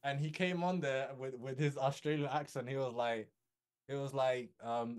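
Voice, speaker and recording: Young male guest, mid-pitched, casual animated storyteller, throws in "bro" and "yo". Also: moderate pace, smooth. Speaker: guest copywriter.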